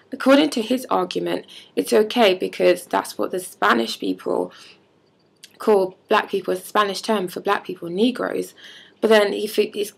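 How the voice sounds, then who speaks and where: Young woman, heavy vocal fry, breathy husky tone, heated casual vlog rant. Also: medium pitch. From London. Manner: heated, frequent "like" fillers. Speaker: vlogger.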